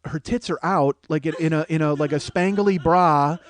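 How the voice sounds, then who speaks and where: A man hosting a podcast, telling a comic story full of swearing, growing louder and more animated as it goes. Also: on the high side, normal speed. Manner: profane, animated, rising to shouting as the story builds. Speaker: podcast host.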